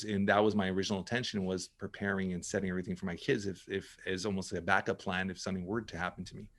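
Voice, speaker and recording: Speaking in a deep, creaky voice, a middle-aged man chats casually as a podcast guest. He is emphatic in this interview-style conversation, often restarting and repeating words.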